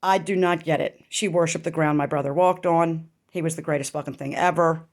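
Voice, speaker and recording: A woman's voice: low voice, fairly even intonation, fairly quick. A middle-aged woman speaks straight to camera in a personal vlog. Her delivery is raw and intense, peppered with swearing and pointed rhetorical questions. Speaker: vlogger. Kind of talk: emotional personal storytelling.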